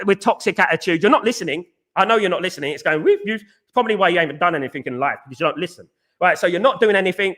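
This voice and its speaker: Hosting a fan talk show on livestream, this young man from England speaks in a high, bright, forceful voice. He gets heated while reading chat, squabbling with viewers and addressing them as "mate."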